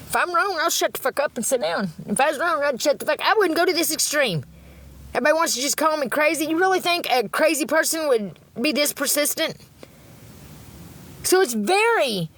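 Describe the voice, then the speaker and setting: A woman's voice: high-pitched, a bit bright. A middle-aged woman rambling on a livestream, blunt and profane, laughing often and talking about God.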